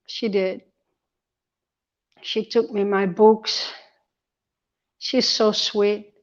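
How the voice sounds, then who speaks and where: A woman's voice: mid-range voice, level tone, drawn-out words, muffled recording. A woman talking casually to her phone camera from a hospital ward, chatty and emotional. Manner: chatty, emotional, tearful at times. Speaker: vlogger. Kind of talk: casual hospital-bed vlog. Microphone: phone held close.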